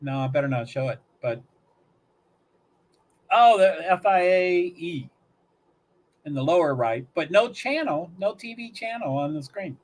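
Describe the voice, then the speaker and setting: High-voiced man rambling over a race. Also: expressive, a little slow, long pauses. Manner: rambling, thinking aloud. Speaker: livestream host. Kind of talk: casual commentary.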